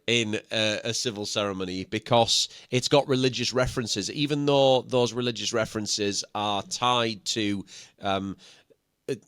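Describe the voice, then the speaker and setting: Animated Yorkshire man on a live chat. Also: fairly low pitch, smooth, no room sound. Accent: Yorkshire English. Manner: animated, laughing, halting with restarts. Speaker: co-host, wedding musician. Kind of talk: casual live-stream chat.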